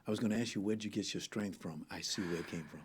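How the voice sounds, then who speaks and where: A man's voice: low voice, fast, breathy edge. A man hosting an interview, asking questions and affirming with short interjections. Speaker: host.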